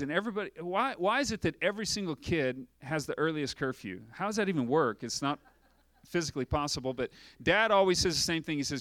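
A male pastor preaches with energy, firing off rhetorical questions and acting out short scenes. His voice sits a little high for a man. The sound is dry and close, with no room echo. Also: lively intonation, fast, fairly bright tone. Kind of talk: sermon.

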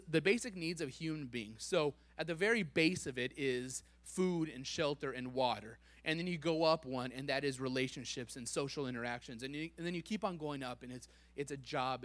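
A man giving a playful, animated sermon, joking with the congregation and laughing at himself. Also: mid-range voice, no room sound. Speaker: preacher.

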